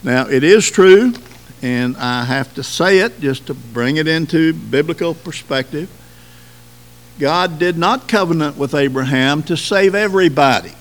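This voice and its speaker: A man preaching a sermon, pausing often and stressing words slowly. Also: a little high, a bit bright. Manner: deliberate preaching with slow emphatic pauses. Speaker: pastor.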